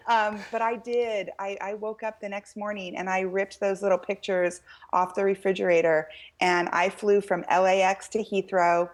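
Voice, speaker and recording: A middle-aged American woman tells her story as a guest on an interview show. Her telling is lively, and she quotes people in animated voices and laughs often. Her voice sits at an ordinary middle pitch. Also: moderate pace. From United States. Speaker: author guest.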